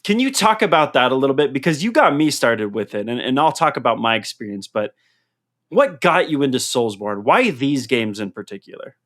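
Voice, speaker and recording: Male podcast host, mid pitch, lively expressive delivery, casual storytelling. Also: brisk. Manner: animated storyteller, laughs through his own stories. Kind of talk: casual chat. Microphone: headset mic.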